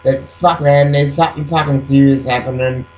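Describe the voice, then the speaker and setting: At home at night after waking up, a man vlogs into his webcam in a rambling late-night monologue, agitated, swearing constantly and padding gaps with "you know." His mid-range voice is steady and a little mellow at a normal speed, and the recording has a roomy echo.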